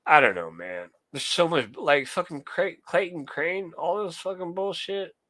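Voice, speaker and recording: A man's voice: on the high side, animated, unhurried, fairly bright tone, no echo. A young man streaming live, ranting heatedly and swearing a lot while answering his chat. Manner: profane, heated, talks to chat. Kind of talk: casual ranting monologue.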